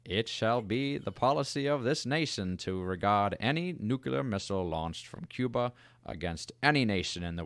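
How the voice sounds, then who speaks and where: A man's voice: fairly low pitch, clean tone, dry recording. A man doing an impression of a male US president making a stern, formal televised address.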